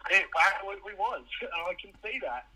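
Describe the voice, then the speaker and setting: A young Australian man calling in, relaxed and giggling often. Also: high-pitched, a little fast. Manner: giggly, laid-back. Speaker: caller, viewer. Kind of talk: phone call chat. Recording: tinny phone line.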